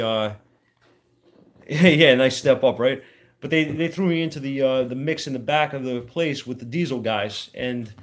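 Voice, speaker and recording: A man who works as an auto mechanic, telling a rambling story from his working life in a casual, plainspoken way, using trade slang. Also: mid-range voice. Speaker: auto mechanic and shop owner.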